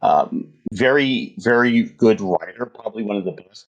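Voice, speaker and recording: A man's voice: fairly low pitch, normal speed, highs cut off. A man hosting a casual gaming podcast interview, conversational and enthusiastic. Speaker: podcast host.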